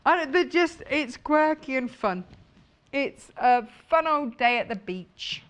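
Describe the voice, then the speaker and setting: A woman's voice: sits high, animated, slow pace. Bubbly woman presenting fabric on live shopping TV. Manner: bubbly, laughs often, jokey asides. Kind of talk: live sales presentation, chatty.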